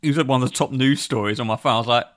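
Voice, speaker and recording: A man's voice: mid-range voice, very fast, fairly bright tone, no room sound, clean studio sound. A man from England co-hosting a casual podcast, telling rambling stories full of fillers and laughing at himself. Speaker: podcast co-host. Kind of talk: casual chat.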